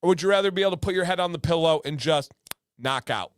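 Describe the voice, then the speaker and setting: A man runs a casual livestream in a fairly high voice, recorded dry and close with no room sound. He keeps a playful, joking tone throughout. He tends to repeat his own lines for laughs. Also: fast talker, clean tone, dry recording. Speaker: livestream host.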